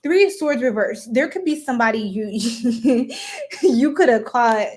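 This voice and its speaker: A woman's voice: a little high, huge pitch swings, a little slow, a little mellow. A woman giving a live-stream tarot reading, chatty and giggly, casually goofing off and talking straight to her viewers. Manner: casual, talks to viewers as y'all. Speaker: tarot reader.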